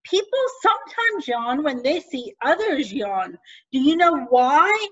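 A woman deacon giving a gentle, questioning children's lesson, speaking in a teacherly way. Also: high voice, big pitch swings, a little slow, muffled recording.

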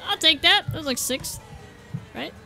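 High, excitable woman yelling at a game. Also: moderate pace, creaky, soft background music. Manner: excitable, yelping, crude jokes. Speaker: gaming YouTuber. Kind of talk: gameplay commentary.

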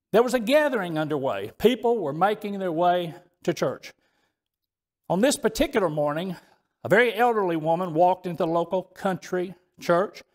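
Male pastor, high-pitched, preaching and telling stories with frequent restarts. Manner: storytelling with halting restarts. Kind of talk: sermon.

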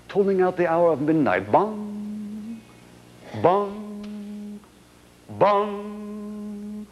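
Theatrical animated male storyteller. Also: a little high. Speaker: stage performer. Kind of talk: comic dramatic storytelling on stage. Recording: dull lo-fi 1980s stage recording.

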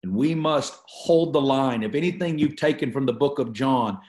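A man's voice: mid-range voice, normal speed, few pauses, a little mellow, echoey room. A man teaching a Bible study, reading scripture aloud and preaching on it with repeated phrases for emphasis. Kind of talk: teaching sermon.

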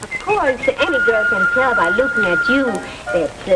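A woman's voice: sits high, wildly swooping pitch, moderate pace, heavy background noise. An actress playing a playful, teasing young woman, in a 1940s film comedy. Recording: old film soundtrack with music.

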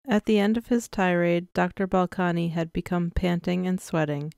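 A woman narrating a science fiction story in an even, measured reading style. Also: on the low side, gravelly, smooth, no echo, studio quality. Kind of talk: scripted audiobook narration.

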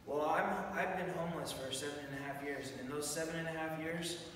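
A man giving an excited, animated church testimony, telling his story with many restarts. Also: on the high side, a little fast, background noise. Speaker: testimony speaker. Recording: echoey hall, far mic.

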